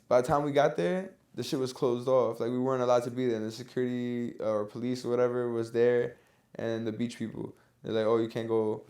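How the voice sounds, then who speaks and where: A man hosting a podcast, telling a story in casual chat, animated and swearing freely. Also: mid-range voice, brisk, clean tone. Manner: animated, swears often, slangy. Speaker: podcast host.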